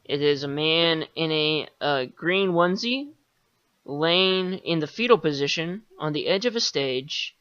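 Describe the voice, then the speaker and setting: Male podcast host, bright tone, dull lo-fi sound, rambling sarcastic monologue. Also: on the high side, expressive, measured pace, smooth, no echo. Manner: meandering, sarcastic, swears casually, many fillers.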